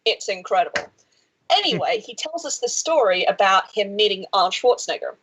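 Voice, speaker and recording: A woman's voice: mid-range voice, brisk, slightly rough, poor audio. A woman co-hosting a podcast in casual chat, telling stories with lots of swearing. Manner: swears freely, animated storyteller. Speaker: podcast co-host.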